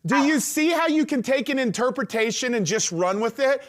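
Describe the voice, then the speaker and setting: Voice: high-pitched, lively intonation, moderate pace. A host of a live online event, enthusiastic and encouraging while introducing the next offer to the guest.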